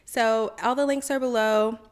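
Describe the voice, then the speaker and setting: A woman's voice: a little high, fairly even intonation, normal speed. A woman hosting a self-help podcast, chatty and encouraging, often saying y'all and okay. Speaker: podcast host.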